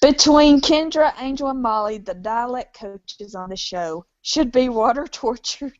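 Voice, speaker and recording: A woman's voice: on the high side, measured pace, no echo. A woman co-hosting a podcast in casual chat, wry and matter-of-fact. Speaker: podcast co-host. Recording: dry, slightly muffled lo-fi audio.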